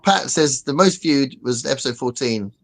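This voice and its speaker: A man's voice: mid-range voice, lively intonation, normal speed. A man co-hosting a podcast in casual chat, laughing often and reading chat comments aloud.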